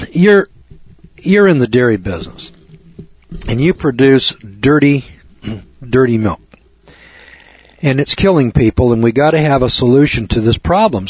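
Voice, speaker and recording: A husky-voiced man lectures a room, reading passages aloud and then hammering his points home with preachy, mocking asides. The sound is dry and close, with no room around it. The recording is dull and lo-fi, its highs rolled off. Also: a little mellow, dry recording.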